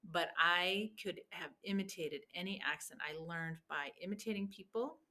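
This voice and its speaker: A woman raised in the Midwest after an Argentine childhood, speaking with a Midwestern accent in a casual interview, animated with quick asides. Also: lowish voice. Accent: Midwestern American. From Argentina, raised in Illinois from age twelve. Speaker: interviewee, Spanish teacher. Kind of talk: casual conversation.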